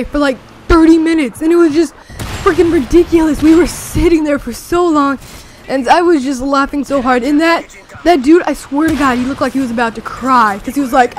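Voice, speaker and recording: A young teenager rambling excitedly through a story with many fillers, talking over gameplay. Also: high-pitched, normal speed, slight background noise. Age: young teen. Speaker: gameplay commentator.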